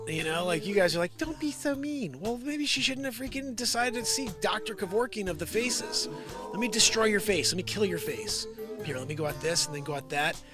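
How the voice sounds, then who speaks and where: A man hosting a daily comedy livestream, rambling and riffing on the news and greeting viewers by name. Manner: rambling, riffing, puts on squeaky voices for quoted people. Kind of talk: improvised comedy livestream chat. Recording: music playing loudly behind. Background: music.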